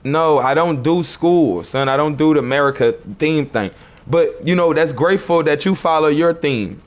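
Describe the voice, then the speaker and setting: A man with a fairly high speaking voice, talking on a livestream. He argues with commenters in a preachy, confrontational way. He keeps repeating his phrases. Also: moderate pace. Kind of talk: arguing with live chat commenters.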